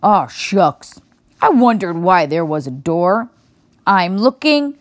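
A woman voicing a huge, very old, sleepy and forgetful male bear with a gravelly, tired drawl. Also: lowish voice, sing-song, slow pace, no room sound, studio quality. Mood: weary, muddled.

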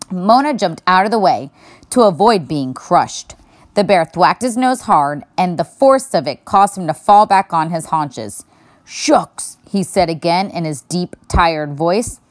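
A woman's voice: lowish voice, no room sound, studio quality. Woman reading a children's book aloud. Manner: expressive storytelling, varying her voice for each character. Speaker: reader.

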